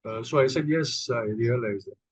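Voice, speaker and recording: A man's voice: mid-range voice, moderate pace, husky, dry recording, low-quality recording. A middle-aged man, a podcast guest telling personal stories in a hesitant, conversational way full of fillers and restarts. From India. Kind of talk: conversational storytelling.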